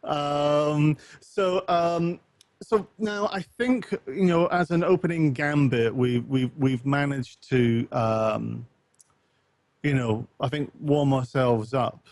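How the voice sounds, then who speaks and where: A man's voice: on the high side, slow, a little mellow, no room sound. A man co-hosting a casual gaming podcast, rambling with lots of ums and reading a forum post aloud with wry asides. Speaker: podcast co-host.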